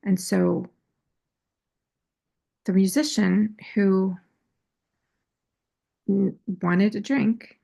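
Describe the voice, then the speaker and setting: A woman's voice: medium pitch, steady tone, very slow, creaky, pauses often, mellow. A woman host telling a personal story in a casual, candid, self-critical way, often restarting her phrases. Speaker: astrology and tarot channel host. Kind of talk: casual confessional talk.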